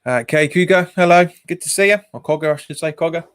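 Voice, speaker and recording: A man hosting a football watch-along stream talks fast in a voice on the high side. His live commentary is casual and chatty, full of laughter, and he reads viewer comments aloud.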